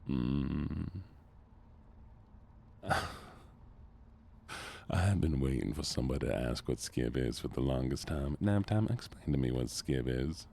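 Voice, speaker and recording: A soft-spoken man with a Southern US accent, chatting with viewers during a relaxed gaming stream. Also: very deep voice, unhurried, gravelly, pauses often. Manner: relaxed, chatting to viewers between game moments.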